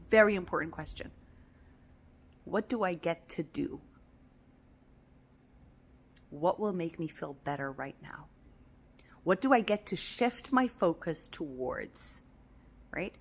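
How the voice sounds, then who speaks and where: A woman acting as a spiritual coach gives a casual motivational talk in a soft, affectionate, mid-range voice. She repeats encouraging phrases and often drops to a whisper.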